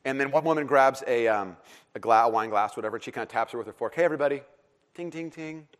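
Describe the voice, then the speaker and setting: A middle-aged man preaching a sermon in a casual, joking and animated way, with plenty of fillers and restarts. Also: medium pitch, fast. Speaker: pastor.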